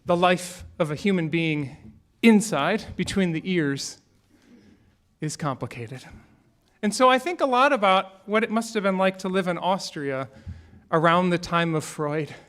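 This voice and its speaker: Male minister, fairly high voice, relaxed conversational sermon with humor. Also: measured pace. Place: church sanctuary.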